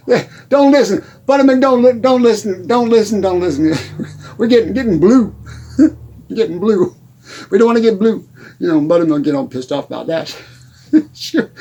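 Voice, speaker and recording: A man's voice: high voice, darkish tone. A man doing a giggly, forgetful Texan hick. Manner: rambling, giggly, loses his train of thought. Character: rambling forgetful country musician, middle-aged man. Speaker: comedy character host. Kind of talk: improvised comedy monologue.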